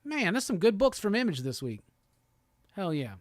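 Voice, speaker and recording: A man's voice: sits high, sing-song, moderate pace, dry recording, clean studio sound. A man hosting a live show, chatting loosely and profanely while reading viewer comments aloud. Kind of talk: casual livestream chat.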